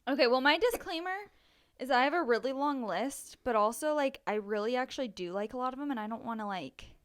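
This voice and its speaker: A woman's voice: sits high, animated, a little fast. A young woman co-hosting a podcast in casual chat, talking loosely with lots of "like" and hedging. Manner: chatty, filler-heavy, hedging with "like". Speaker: podcast co-host.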